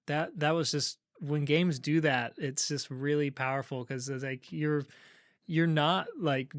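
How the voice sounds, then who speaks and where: A male podcast host talks in a relaxed back-and-forth, his voice a bit higher than most men's. He repeats words as he restarts his thoughts. The sound is dry and close, with no room in it. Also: unhurried, no echo. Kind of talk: casual conversation.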